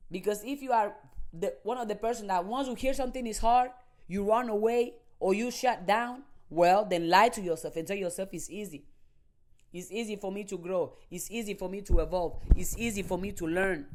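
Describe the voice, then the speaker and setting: A woman's voice: medium pitch, normal speed, darkish tone. Emphatic woman giving a motivational talk. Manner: emphatic and repetitive, building phrases in a chain. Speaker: motivational speaker. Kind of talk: motivational monologue.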